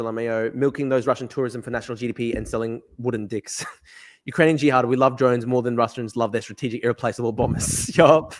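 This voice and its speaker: A young man hosting a livestream, excitable and profane, reading viewer comments aloud. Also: mid-range voice. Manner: excitable, profane, laughing, reads chat aloud. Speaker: livestream host.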